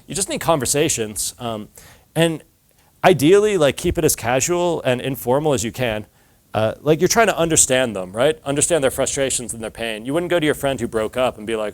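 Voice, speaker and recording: A man's voice: mid-range voice, lively intonation, fairly quick. A man giving a casual talk to an audience, telling stories with lots of filler words and acted-out dialogue.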